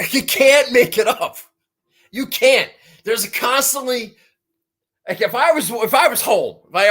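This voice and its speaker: Exasperated swearing golf podcast host. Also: medium pitch. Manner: animated, frequent restarts and rising outbursts. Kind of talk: casual golf betting recap.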